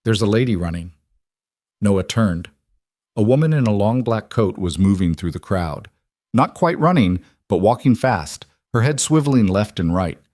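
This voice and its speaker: A male narrator tells a dramatic story in a steady, scripted delivery. His voice sits low. The recording is dry and close with no room sound. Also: normal speed, no room sound.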